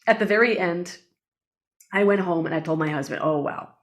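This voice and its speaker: Animated middle-aged woman telling a story. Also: on the low side, fairly quick. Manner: animated, emotional storyteller with many fillers. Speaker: guest, breathwork facilitator. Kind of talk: casual interview storytelling.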